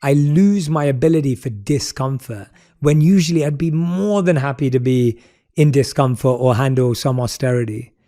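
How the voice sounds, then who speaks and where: A man's voice: medium pitch, normal speed, mellow. A man hosting a conversational interview, affirming and building on his guest's points in a reflective way. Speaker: podcast host.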